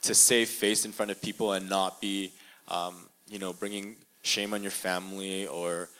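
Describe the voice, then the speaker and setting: A young man sharing a personal testimony in an interview, earnest and halting, full of fillers and restarts, in a room with a live audience. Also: low-pitched, little pitch movement, sharp tone, smooth, rough recording.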